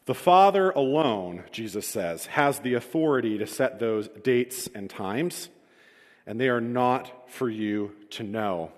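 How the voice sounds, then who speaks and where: A man's voice: mid-range voice, lively intonation, slow pace. A man preaching a sermon in a conversational, self-deprecating storytelling manner, in a church hall. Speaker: pastor. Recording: reverberant hall.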